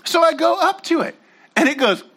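A man preaching a sermon in an unusually high voice that swoops up and down. He talks in a loose, casual way, drifts into side stories, and often turns to speak straight to his listeners. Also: moderate pace, a little hiss or hum. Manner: animated, casual storytelling with slangy asides to the audience. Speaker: pastor.

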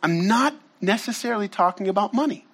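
Male pastor, sermon delivery: high-pitched, lively, conversational storyteller who breaks off to address the crowd directly. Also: a little fast, husky. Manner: animated, casual storytelling with slangy asides to the audience.

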